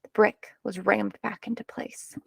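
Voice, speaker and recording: A woman reading a children's picture book aloud, narrating in an expressive, measured way. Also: mid-range voice, gravelly, husky, dry recording. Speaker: storyteller.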